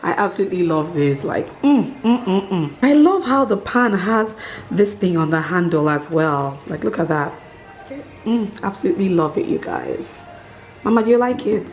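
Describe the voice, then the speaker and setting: A woman's voice: lowish voice, expressive, normal speed, a little mellow, faint music behind. A woman, chatting casually to her vlog audience, gushing and laughing often. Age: 30s. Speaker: vlogger.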